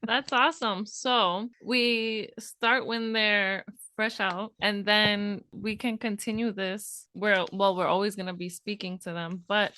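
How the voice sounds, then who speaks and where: Chatty woman with a smooth voice. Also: mid-range voice, fairly even intonation, slow pace, hardly any pauses, bright, forceful tone, dry recording. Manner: asks questions, laughs easily, chatty. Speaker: parenting podcast co-host. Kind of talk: casual podcast chat.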